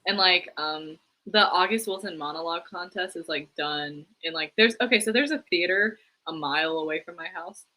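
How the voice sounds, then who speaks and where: Young woman chatting about theater, bright voice, kinda low, says like a lot. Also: normal speed, hardly any pauses, rough recording. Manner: chatty, lots of "like", laughs easily. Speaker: co-host. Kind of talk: casual chat about theater news.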